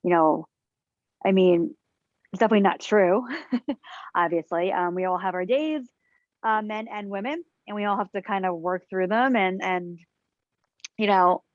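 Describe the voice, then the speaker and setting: A woman's voice: medium pitch, normal speed, long pauses, no echo, highs cut off. A woman chatting casually as a podcast co-host, rambling with lots of fillers. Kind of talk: casual chat.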